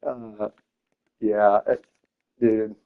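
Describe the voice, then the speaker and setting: A man's voice: fairly low pitch, level tone, drawn-out words, phone-quality sound. Young man telling loose profane stories. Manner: loose, profane storytelling with many fillers; frequent laughter. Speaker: teacher. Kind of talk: casual podcast chat.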